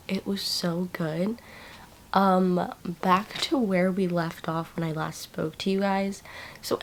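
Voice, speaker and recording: A young woman recaps a novel in a casual reading vlog. She talks at an unhurried, drawn-out pace, gushing and excitable, and now and then reads passages aloud. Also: lowish voice, slight background noise. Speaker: book vlogger.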